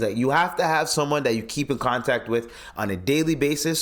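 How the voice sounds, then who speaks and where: A man hosting a podcast, ranting in casual commentary, incredulous and swearing often. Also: medium pitch. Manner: animated, swearing, incredulous rants. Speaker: podcast host.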